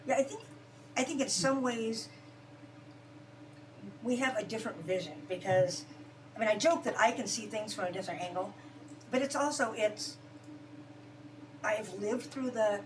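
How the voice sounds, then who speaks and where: Heartfelt woman heard from a distance. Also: medium pitch. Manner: heartfelt, fast-paced storytelling. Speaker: guest, mother. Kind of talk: casual conversation. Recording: distant mic with noise.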